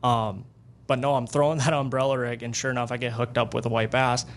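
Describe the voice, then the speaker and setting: A man being interviewed as a guest angler. He tells fishing stories in an excitable, animated way. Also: medium pitch, brisk. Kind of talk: casual storytelling interview.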